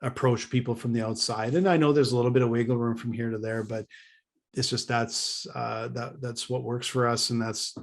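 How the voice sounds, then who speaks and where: A man's voice: mid-range voice, steady tone, normal speed. A man co-hosting a casual business podcast, rambling with many restarts and dry laughs. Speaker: podcast co-host.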